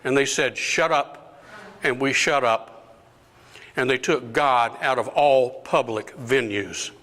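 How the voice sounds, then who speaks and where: An older deacon speaks slowly to a gathered parish group, his voice bright and forceful. He acts out quoted exchanges, pushing the quoted lines up toward shouts. The sound carries a long reverb from a parish hall. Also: mid-range voice. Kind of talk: talk to a parish lunch group.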